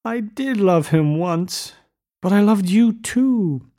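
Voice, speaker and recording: A man voicing a fragile young woman who pleads in a high, wavering, slowed voice. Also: lively intonation, dark tone. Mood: tearful.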